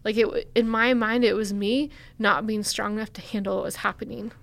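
A young woman talks through a personal story as a guest on an interview podcast. Her delivery is candid and halting, with plenty of "like" and "um" along the way. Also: mid-range voice, fairly even intonation, creaky, fairly bright tone. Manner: candid, halting, with many fillers.

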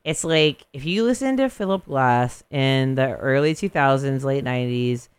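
A radio host with a lisp talks about music in a loose, jokey way and laughs easily. The voice is smooth and clean. The sound is close and dry, with no room around it. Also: medium pitch, animated, no room sound. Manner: chatty, jokey and quick to laugh. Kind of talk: casual music chat.

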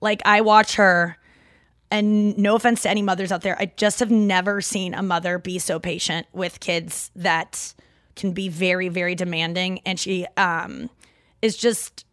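A woman in her thirties with a Midwestern accent, hosting a podcast in rambling, animated casual chat from home. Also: lowish voice, measured pace, no echo, clean studio sound. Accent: Midwestern American. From St. Louis, Midwest US. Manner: rambling, animated, lots of fillers and self-interruptions. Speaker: podcast host. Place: home, seated in a chair.

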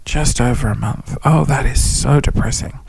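A hungover man in his thirties, whispering wearily in a dark room during a casual monologue as a podcast host. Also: medium pitch, normal speed, gravelly, breathy edge, dry recording. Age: 30s. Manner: whispering, hushed and weary.

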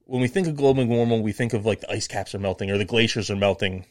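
A man's voice: on the low side, fast talker. A man co-hosting a podcast, chatting casually with fillers and laughs, then reading a book summary aloud. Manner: relaxed, rambling, laughs often, many fillers. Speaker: podcast co-host.

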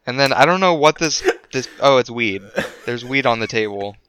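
A man co-hosting a comedy podcast, talking in halting starts between bursts of laughter. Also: mid-range voice, lively intonation, fairly bright tone, smooth, no echo. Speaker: podcast co-host. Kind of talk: casual comedy podcast banter.

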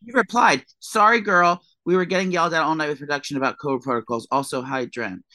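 A playful co-host talks casually, teasing and joking with mock-preachy asides. The voice sits in a middle pitch. The recording is close and dry. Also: fast talker, sharp tone, no room sound. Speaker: podcast co-host. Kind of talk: casual chat.

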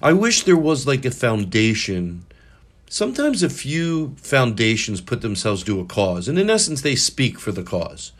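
A man hosting a solo podcast, rambling with many restarts and self-corrections, a little high. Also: sing-song, a little slow. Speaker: podcast host.

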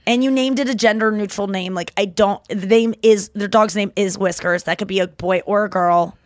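Brief: young woman podcast co-host, lively comic banter, dry close mic. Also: medium pitch, normal speed, dry recording. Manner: animated, jumps into squealing voices for quotes. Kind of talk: casual comedic chat.

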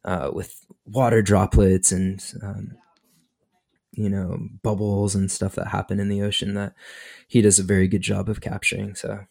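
A man's voice: fairly low pitch, level tone, normal speed, gravelly, darkish tone. A man chatting casually about photography, laid-back, saying "dude" and "like" a lot and laughing easily. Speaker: podcast guest photographer. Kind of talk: casual chat.

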